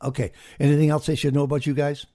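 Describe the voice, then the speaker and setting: Brief: fairly high-voiced male host, playful, talks in restarts. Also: little pitch movement, fast, dark tone. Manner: jokey, chatty, stumbling restarts. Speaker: radio host. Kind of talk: casual radio interview.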